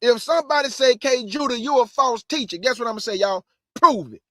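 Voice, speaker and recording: A man preaches to his online audience, quick and emphatic, circling back to repeat his points. His voice sits high for a man, and the sound is dry and close to the mic. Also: a bit bright, no room sound. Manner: fast, conversational, emphatic, repeats phrases. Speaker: online Bible teacher. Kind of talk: livestream preaching. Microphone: close microphone.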